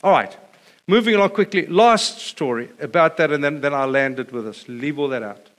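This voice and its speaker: Animated man preaching a sermon. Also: a little high, normal speed. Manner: storytelling, animated, builds to a repeated refrain. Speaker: pastor.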